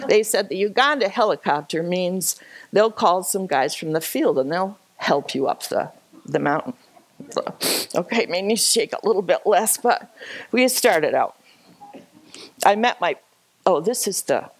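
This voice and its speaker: A woman telling an animated, self-deprecating personal story at a church gathering, laughing often. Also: lowish voice, no echo. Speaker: speaker sharing a personal story. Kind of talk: storytelling talk with slides.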